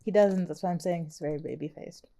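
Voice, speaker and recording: A woman co-hosting a laid-back film review podcast. She talks in a slightly low voice, fills her sentences with casual fillers and laughs easily. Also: quick pace, dark tone, a little hiss or hum. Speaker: podcast host. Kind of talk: casual chat.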